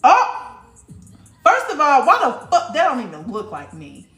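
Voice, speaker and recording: Woman livestream host, a little high, very lively pitch, blunt and profane, addresses chat directly, roomy echo with faint music behind. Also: a little slow. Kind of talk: casual livestream chat with viewers.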